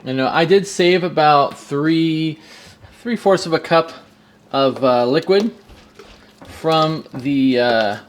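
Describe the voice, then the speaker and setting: A man's voice: fairly high pitch, takes it slowly, slight background noise. A man hosting a casual cooking demonstration, talking straight to the viewers with lots of jokes. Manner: jokey, talks straight to viewers. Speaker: home cook.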